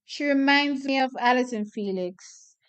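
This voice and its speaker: A woman calls races and chats through a track meet watch party in a fairly high, smooth and clear voice. She is opinionated and chatty, circling back to hammer her points home. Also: unhurried. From Jamaica. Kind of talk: casual live track commentary.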